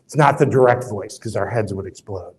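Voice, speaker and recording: A middle-aged man, a rabbi, telling stories in a casual, animated lecture and acting out the quoted voices. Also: a little fast, poor audio. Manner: animated, acts out quoted voices with rising pitch; conversational, many fillers and asides. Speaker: rabbi giving an interfaith talk.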